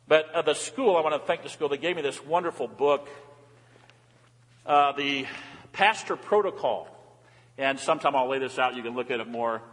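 An older man, a pastor, preaching a sermon in an animated way, voice dropping low and soft, then rising with excitement. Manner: warm, animated preaching with dramatic drops and rises. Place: large church sanctuary. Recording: long church reverb.

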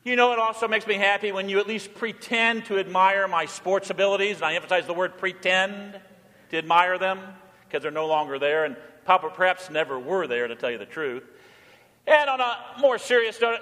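A man preaching from the pulpit in a high, bright voice that rings down a long church reverb. He speaks as a jovial, teasing pastor and leans on rhythm and emphasis. The sanctuary sound lingers behind each phrase. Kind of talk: sermon.

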